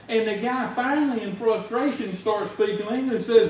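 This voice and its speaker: Very high-voiced and fast, with few pauses, a man with a Southern US accent gives a folksy lay sermon in a church sanctuary. He chats conversationally, then shouts through his stories. A little hiss or hum accompanies the echoey, distant recording.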